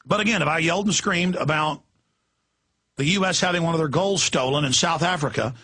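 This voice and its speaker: A man hosting a talk radio show, ranting with impassioned intensity, swinging between yelling and hushed urgency. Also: fairly high pitch, brisk, slightly rough.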